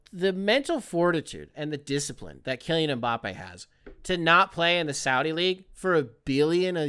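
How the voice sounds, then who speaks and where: A man hosting a podcast, rambling in casual solo commentary with lots of swearing and excitable outbursts. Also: high voice, clean tone. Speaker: podcast host.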